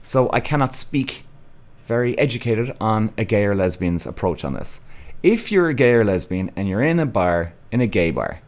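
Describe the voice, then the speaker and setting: A man's voice: fairly low pitch, animated, normal speed, darkish tone. A man from Cork with an Irish accent, hosting a live podcast and reading viewers' comments, blunt and exasperated, swearing freely. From Ireland. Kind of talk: casual live-stream chat.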